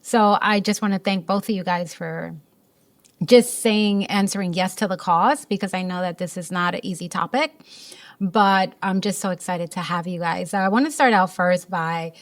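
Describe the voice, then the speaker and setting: A woman's voice: on the low side, moderate pace. A woman hosting a podcast interview, effusive and emotional as she welcomes her guests. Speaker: podcast host. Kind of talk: casual interview.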